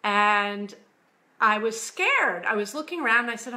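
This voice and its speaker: A woman from the United States telling a personal story slowly and earnestly, getting emotional at times. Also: on the high side, lively intonation. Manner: slow, earnest storytelling, quiet and hushed when quoting God. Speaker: author. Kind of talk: personal testimony.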